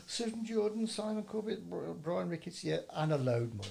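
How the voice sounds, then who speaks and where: A man, his voice gravelly and a bit husky. He sits fairly high for a man and swings up and down a lot as he jokes his way through viewer messages. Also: big pitch swings, darkish tone. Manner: jokey, reads names out slowly. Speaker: co-host reading viewer comments. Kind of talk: casual podcast chat.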